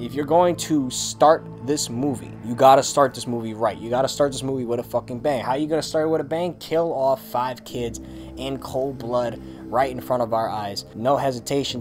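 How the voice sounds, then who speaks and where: A man giving a casual, excitable monologue, emphatic and full of swearing. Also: mid-range voice. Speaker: video creator.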